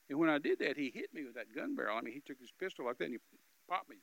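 A man giving an animated, emphatic storytelling testimony as a minister, with repetitive phrasing and loud bursts. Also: fairly high pitch, very fast, vocal fry, no room sound, poor audio.

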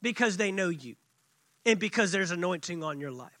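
Male pastor, sermon, emphatic, repetitive phrasing, very high pitch, dry close sound. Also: expressive, moderate pace, pushed and bright, no echo. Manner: emphatic, repetitive preaching with acted quotes.

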